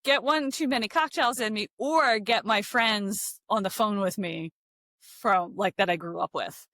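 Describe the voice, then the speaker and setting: A middle-aged woman from Philadelphia chats casually over drinks as a podcast co-host. She tells stories and throws in quick asides. Her voice sits in a middle range and is recorded close and dry. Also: mid-range voice, pushed and bright, no echo. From Philadelphia, USA. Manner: chatty, storytelling with quick asides.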